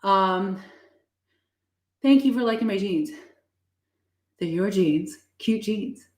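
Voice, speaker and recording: A woman's voice: mid-range voice, slow pace, a little mellow, roomy sound. A woman host chatting casually on a livestream, out of breath, swearing freely and restarting her sentences.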